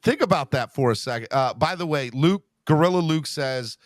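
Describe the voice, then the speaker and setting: A man hosting a fan podcast in an excitable, casual way. He repeats himself and keeps calling people "man" and "bro". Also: a little high, normal speed, no room sound, clean studio sound. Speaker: podcast host. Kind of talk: casual chat.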